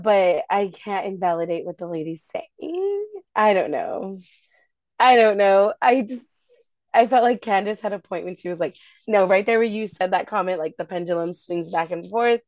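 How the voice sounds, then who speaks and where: A woman's voice: medium pitch, a little mellow, no room sound, clean studio sound. A woman co-hosting a casual gossip chat, thinking aloud hesitantly about reality TV drama. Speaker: podcast co-host.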